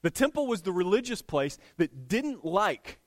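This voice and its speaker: A man preaching a sermon as a conversational, animated retelling, with restarts and light chuckles. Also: sits high, normal speed, dry recording. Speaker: pastor. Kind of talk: storytelling sermon.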